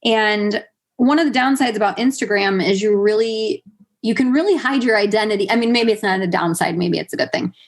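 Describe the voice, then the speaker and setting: A woman's voice: mid-range voice, a little fast. A woman in her thirties, a podcast guest telling a personal story in a chatty way, full of fillers and quoted asides. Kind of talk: conversational storytelling.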